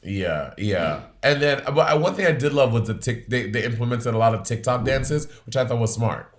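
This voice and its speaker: A man's voice: medium pitch, lively intonation, moderate pace, slight background noise. A man co-hosting a podcast in casual chat, blunt and profane, laughing often. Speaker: podcast co-host.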